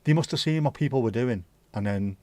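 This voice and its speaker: A man's voice: medium pitch, animated, fairly quick, mellow, no echo. A middle-aged man from Liverpool with a Scouse accent, hosting a livestream in rambling, casual chat that swears freely. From Liverpool, England. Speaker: livestream host.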